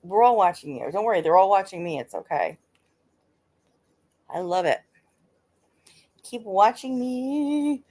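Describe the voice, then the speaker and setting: A woman's voice: on the low side, expressive, moderate pace, long pauses, mellow. A woman hosting a live stream, chatting casually with her viewers, laughing often and swearing freely. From United States.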